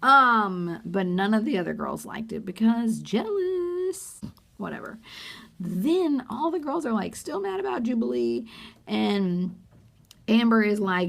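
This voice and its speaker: A woman's voice: mid-range voice, very animated, measured pace, creaky. A woman giving a sarcastic, gossipy recap of a reality TV episode in a casual vlog. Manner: sarcastic, gossipy, acts out quotes.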